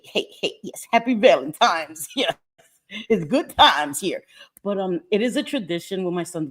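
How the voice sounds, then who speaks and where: A woman in her fifties hosting a casual livestream, chatting and greeting viewers by name with frequent laughter. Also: fairly low pitch. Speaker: livestream host.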